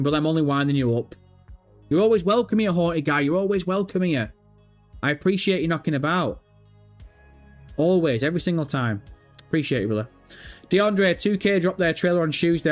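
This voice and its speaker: A man hosting a live gaming stream, reading viewer comments aloud and answering with profane, jokey banter. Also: fairly high pitch. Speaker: livestream host.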